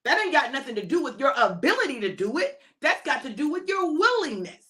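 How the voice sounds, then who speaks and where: An older woman preaches in an informal sermon, her high voice swinging widely up and down. She is emphatic and repetitive and keeps calling out to her listeners. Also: sing-song, a little fast, a bit bright.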